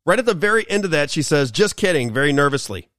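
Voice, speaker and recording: A man's voice: fairly high pitch, expressive, fast, a bit bright, clear, resonant tone, dry recording, clean studio sound. A man hosting a political talk radio show, delivering an emphatic, repetitive monologue.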